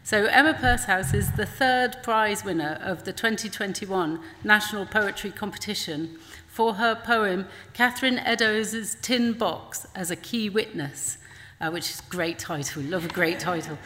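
Bright-voiced woman festival host. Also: mid-range voice, moderate pace. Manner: warm, filler-heavy introducing. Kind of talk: event introduction. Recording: hall reverb with faint noise.

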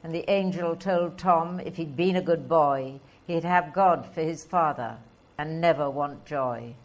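A woman reads poetry aloud in a slow, measured way. Her voice sits low, and she lets each line settle before the next. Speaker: poetry reader. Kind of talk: poetry reading.

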